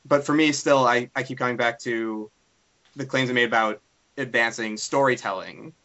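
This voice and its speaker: A man on a games podcast panel, speaking hesitantly with halting restarts. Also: medium pitch, pushed and bright. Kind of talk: casual roundtable discussion. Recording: dull lo-fi podcast audio.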